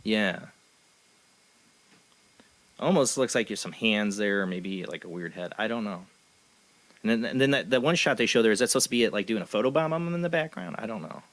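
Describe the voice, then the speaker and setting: A man's voice: on the low side, brisk, long pauses, a bit bright. A man hosting a paranormal radio show, reading news items aloud and giving blunt, opinionated commentary. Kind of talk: casual chat.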